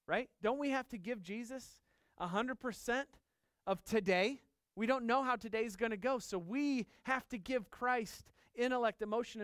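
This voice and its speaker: A male pastor delivers a sermon in a high, smooth voice, hammering his points home by repeating them. He often stops to put questions to the congregation. The sound is dry and close. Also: dry recording. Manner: emphatic, repeats key phrases, asks the congregation questions; acts out dialogue in lively voices.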